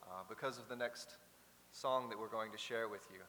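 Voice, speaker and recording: This man, fairly low-pitched and speaking at a moderate pace with a sharp tone, leads a choir and offers an earnest, reflective spoken introduction marked by small restarts. The setting is a large chapel, and the audio has hall reverb over a faint hiss.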